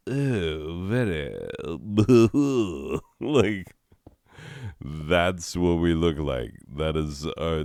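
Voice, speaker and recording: Deep-voiced, slow, rambling stoned man. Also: darkish tone, clear, resonant tone, dry recording, studio quality. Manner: rambling, giggly, swears a lot. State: high. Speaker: gaming video host. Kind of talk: rambling gameplay commentary.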